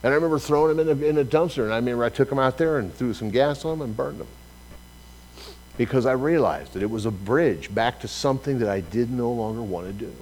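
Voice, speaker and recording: A man preaching a sermon, telling a personal story with lively acted-out dialogue. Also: mid-range voice, fast, slight background noise, poor audio. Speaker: pastor.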